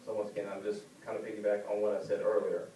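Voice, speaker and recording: A man giving an informal speech to his class, talking conversationally and acting out the people he quotes with sudden high-pitched voices. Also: completely flat delivery, fast, warm tone, slight background noise. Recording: roomy classroom heard from a distant camera.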